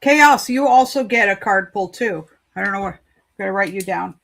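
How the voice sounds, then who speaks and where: A woman's voice: medium pitch, normal speed, gravelly, fairly bright tone, a little hiss or hum. A woman giving spiritual card readings on a live stream, chatty, playful and encouraging.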